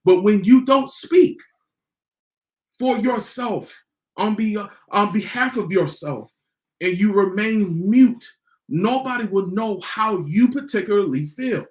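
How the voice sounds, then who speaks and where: A man hosting a motivational podcast, repeating his key lines slowly for emphasis. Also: high voice, expressive, reverberant. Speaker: podcast host.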